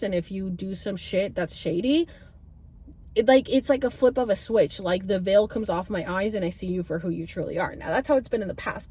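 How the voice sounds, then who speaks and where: Lady in her 30s rambling to camera, lots of ums and likes, pretty animated. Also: mid-range voice. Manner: chatty, animated, swears freely, many fillers. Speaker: vlogger. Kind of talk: casual storytelling to camera.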